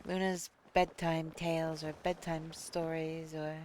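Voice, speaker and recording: Slow-talking low-voiced woman streamer. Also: flat delivery, slight background noise. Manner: chatty, reads chat aloud, thinks out loud. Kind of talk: casual live-stream chat.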